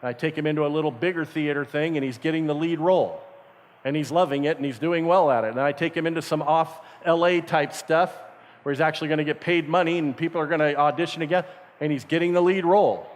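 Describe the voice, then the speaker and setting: A middle-aged man talks fast in a slightly high voice as he preaches at camp, telling stories and animatedly acting out each voice. The recording echoes through the meeting hall.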